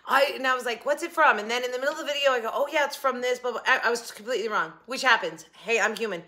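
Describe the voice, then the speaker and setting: Filming a casual shopping haul vlog on her phone camera in her home kitchen, a woman chats and rambles as the channel host, frequently cutting herself off mid-thought. Her voice is a little high, bright and pushed, and she talks in rapid-fire bursts.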